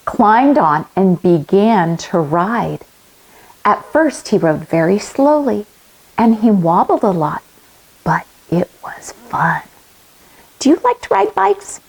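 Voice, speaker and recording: Woman, kids' yoga teacher, slow and very animated storybook reader. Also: mid-range voice, gravelly, slightly rough, low-quality recording. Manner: animated, asks children questions. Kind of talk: reading a picture book aloud to children.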